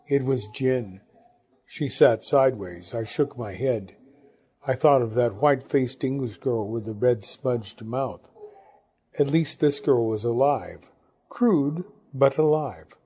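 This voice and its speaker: A man narrating a literary novel as an audiobook, measured and reflective. His voice sits at a middle pitch and sounds mellow and warm, with a husky edge. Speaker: audiobook reader.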